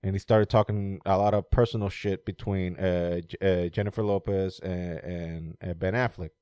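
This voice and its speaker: A man's voice: low voice, normal speed, clear, resonant tone, no room sound. A man chatting casually about movies, rambling, laughing often and swearing freely. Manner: animated when mocking movie scenes.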